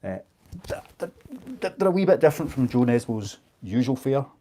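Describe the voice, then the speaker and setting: A man's voice: mid-range voice, big pitch swings, a little fast, mellow. A man, chatting casually as he auctions books on a live stream, joking at his own expense. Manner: chatty and self-mocking. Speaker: online book seller.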